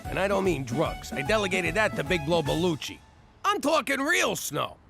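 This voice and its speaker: A man's voice: sits high, sing-song, creaky, fairly bright tone, faint music behind, exaggerated voice. A man voicing a brash, sarcastic ex-mobster in an adult cartoon. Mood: wry narration. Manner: brash, sarcastic, fast comebacks. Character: wisecracking ex-mobster man in exile. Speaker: lead character and narrator.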